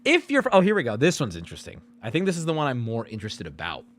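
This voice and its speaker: A man streaming live, reading out survey results in loud, profane, sarcastic casual commentary. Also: mid-range voice, wildly swooping pitch, fast.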